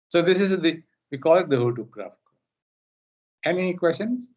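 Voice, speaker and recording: A man with an Indonesian accent lecturing online, halting and repeating words as he explains. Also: on the high side, animated, a little mellow. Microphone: computer mic on a video call. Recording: muffled meeting-call audio.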